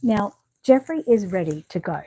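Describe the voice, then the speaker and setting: An Australian woman chatting casually at home as she shows off outfits, rambling and often dropping to a hushed voice. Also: mid-range voice, animated, normal speed, slight background noise. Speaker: vlogger showing reborn dolls. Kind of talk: casual show-and-tell chat. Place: home bedroom.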